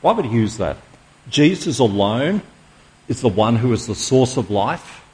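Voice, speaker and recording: A middle-aged man delivers a sermon as pastor in a voice of ordinary male pitch. He is emphatic, drawing out the words that matter and pausing on rhetorical questions. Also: sing-song, darkish tone. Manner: emphatic, with slowed dramatic stresses and rhetorical questions.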